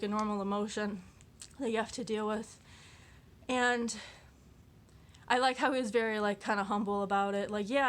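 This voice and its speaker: A woman's voice: medium pitch, a bit bright. A woman vlogging casually, reading quotes aloud and reacting to them in a rambling, chatty way, full of fillers and restarts, often giggling at herself. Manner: giggly and self-deprecating.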